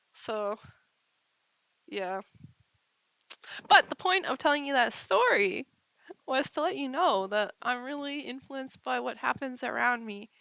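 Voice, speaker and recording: Woman, gravelly fry, chatty filler-heavy storytelling, worn out from illness, at home. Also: a little high, sharp tone, dry recording. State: sick, tired lungs. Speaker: vlogger. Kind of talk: casual storytelling.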